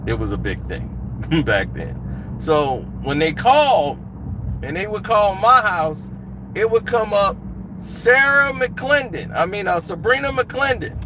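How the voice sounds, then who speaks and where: A man's voice: sits high, big pitch swings, a little slow. A man telling a casual anecdote in a laid-back, slangy way, chuckling now and then. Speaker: storyteller. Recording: noisy outdoor traffic sound. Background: street and car noise.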